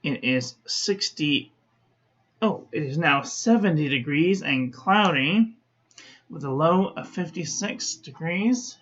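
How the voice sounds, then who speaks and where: Slow-talking woman reviewing ink. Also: low voice, lively intonation, highs cut off. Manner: chatty, self-correcting, talks to viewers. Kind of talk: unhurried product review.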